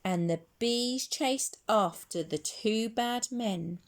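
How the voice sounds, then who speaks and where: A woman teacher reading a picture book aloud, slow and expressive, dropping to hushed whispers. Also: on the high side.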